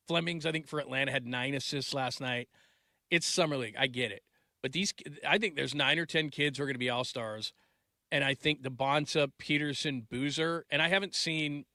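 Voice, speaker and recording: A man's voice: medium pitch, no room sound, studio quality. A man in his forties hosting a sports talk show, rambling casually and restarting his sentences. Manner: rambling, restarts sentences, trails off mid-thought; gets loud and laughing when telling family stories.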